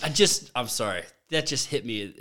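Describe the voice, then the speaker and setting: A man's voice: medium pitch, animated, moderate pace, bright, forceful tone. A man co-hosting a podcast, throwing in wisecracks and short jokey asides. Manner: wisecracking interjections, mock movie voices. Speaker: podcast co-host. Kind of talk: casual chat.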